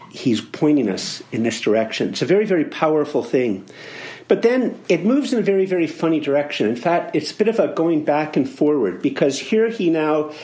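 Earnest Canadian preacher in an echoey room. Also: male voice, medium pitch, dark tone. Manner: earnest, conversational, with restarts and emphatic repetition. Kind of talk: sermon teaching on a psalm.

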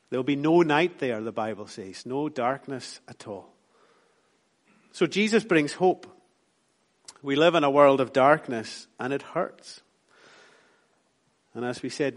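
A Scottish man preaches from the pulpit. He builds his points through repeated emphatic lines, then lets his voice fall soft and low. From Scotland. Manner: rhythmic, repetitive preaching with rising emphatic lines and soft drops. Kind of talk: sermon.

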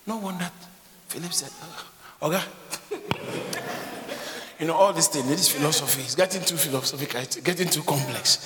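A man preaching a sermon, acting out voices and breaking into shouts. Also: fairly high pitch, moderate pace, long pauses, crowd noise. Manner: animated, acts out voices and shouts. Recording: echoey hall.

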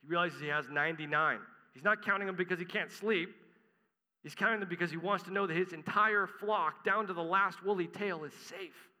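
Bright-voiced man preaching a sermon. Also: high voice, brisk, in a large hall. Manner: earnest expository preaching, reads scripture aloud.

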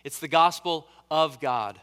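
A man's voice: on the high side, measured pace, a bit bright, clean tone, long reverb tail. A man preaching a sermon as pastor, earnest and emphatic, building on repeated phrases.

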